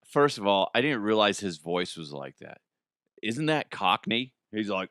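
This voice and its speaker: A man hosts a comedy news segment, riffing animatedly and breaking into laughter. His pitch swings widely as he jokes around. The sound is dry and close. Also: sing-song, measured pace, fairly bright tone, no echo. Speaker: host.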